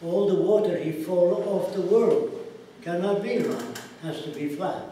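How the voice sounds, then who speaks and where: Brief: a man playing an insistent male flat-earth believer, broken English, louder and higher, recorded from afar. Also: slight background noise. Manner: emphatic, halting broken English. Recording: echoey room, far from mic.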